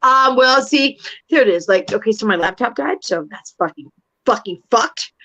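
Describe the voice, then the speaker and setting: A woman in her fifties, brash and animated, swearing freely as she tells stories in a casual group chat about paranormal investigating. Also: a little high, normal speed, background noise. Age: 50s.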